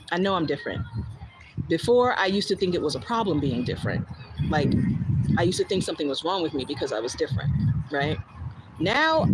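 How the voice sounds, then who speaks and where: A woman's voice: lowish voice, a little hiss or hum, poor audio. A woman with a New Jersey accent chatting casually on a livestream, blunt and candid, swearing freely and answering viewer comments. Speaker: livestream host.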